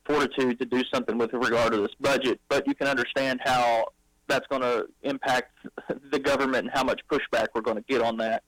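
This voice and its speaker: A man's voice: mid-range voice, steady tone, brisk, fairly bright tone, dry recording, low-quality recording. A man with a Southern American accent, a local official, explaining things conversationally as a guest in a radio interview.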